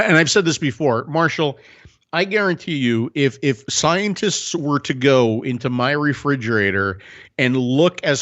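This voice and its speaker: A man's voice: medium pitch, a bit bright. Matter-of-fact man, dull lo-fi sound. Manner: matter-of-fact, emphatic, repeats himself. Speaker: co-host of a live vaping talk stream. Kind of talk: casual live-stream chat. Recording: slightly dull lo-fi audio.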